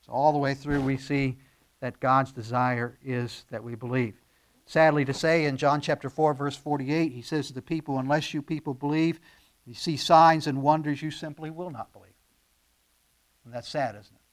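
A man's voice: mid-range voice, steady tone, moderate pace. A man preaching a verse-by-verse sermon, earnest and teaching, pushing key phrases with emphatic rises and using frequent fillers. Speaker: pastor.

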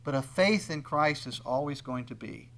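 A man preaching a sermon, swinging between loud emphatic lines and quiet asides, and acting out the voices of the people he quotes. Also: mid-range voice, normal speed. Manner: acts out quoted speakers in conversational tones. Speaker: pastor.

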